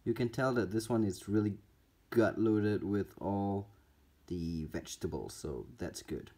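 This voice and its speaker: A man's voice: on the low side, animated, a little slow, darkish tone, slightly rough. A man narrating a casual pet-keeping vlog, chatty and teasing his spiders as he feeds them. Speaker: reptile and spider keeper vlogger.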